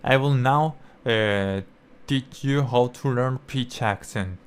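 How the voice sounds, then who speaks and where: A young man whose first language is Spanish, explaining language learning in halting English full of fillers and restarts. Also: medium pitch, smooth. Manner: halting, many fillers and restarts, non-native phrasing. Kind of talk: casual explanatory talk.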